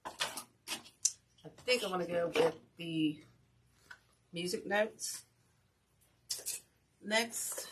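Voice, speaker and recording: A woman's voice: on the low side, extremely slow, long pauses. A woman hosting a casual craft tutorial, tired and self-deprecating as she chats with viewers. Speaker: wreath-making channel host. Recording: steady background noise.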